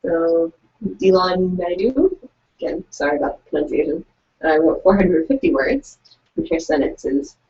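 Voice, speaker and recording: A woman's voice: lowish voice, big pitch swings, normal speed, vocal fry, darkish tone, far from the mic, slight background noise. A young woman co-hosting a live online writing session, chatting casually and reading out excerpts in an upbeat, plain voice. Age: young adult. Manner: upbeat, reads quotes in a plain voice. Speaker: co-host of a virtual writing event. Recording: muffled, from away from the mic.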